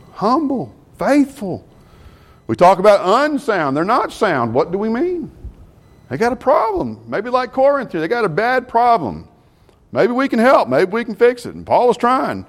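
A man preaching to a Bible class, animated and full of rhetorical questions. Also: extremely high pitch, a little slow, pauses often.

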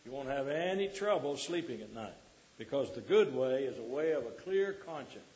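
A man's voice: mid-range voice, expressive, moderate pace, darkish tone, lo-fi sound. A man preaching a sermon to a congregation, quoting scripture and putting questions to the listeners.

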